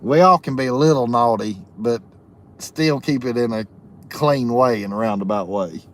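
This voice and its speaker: A man's voice: medium pitch, moderate pace, slight background noise. A man hosting a live stream, reading viewer comments aloud in a folksy way and laughing often. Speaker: livestream host reading chat comments. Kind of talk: casual live chat.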